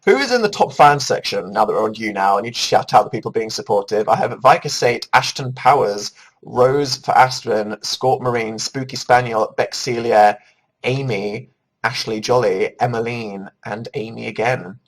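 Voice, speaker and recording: A man's voice: mid-range voice, moderate pace, poor audio. Rambling, self-mocking man on a livestream. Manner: rambling, self-deprecating, jokey. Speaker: livestream host. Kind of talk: casual livestream chat reading viewer comments.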